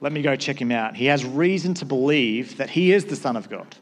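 A man's voice: mid-range voice, animated, fairly quick. A man, a pastor with school-age kids, preaching a sermon in a conversational way and acting out short exchanges.

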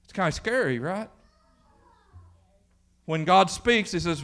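A man's voice: high voice, expressive, a little slow, long pauses, fairly bright tone. A man preaching a folksy sermon in church, acting out the voices from the Bible story. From Kentucky. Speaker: pastor.

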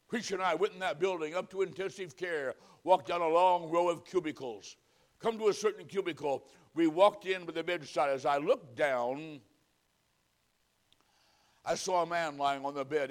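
A man preaching a sermon, telling a story in hushed tones and building to forceful exhortation. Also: fairly high pitch. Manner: storytelling with hushed quoted whispers and rising exhortation.

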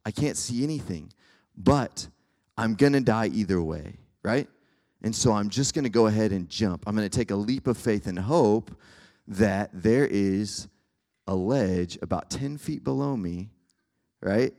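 A man's voice: fairly low pitch, expressive, unhurried, mellow. A man voicing a desperate young male hiker who resolves to jump into the fog. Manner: resigned, reckless, determined.

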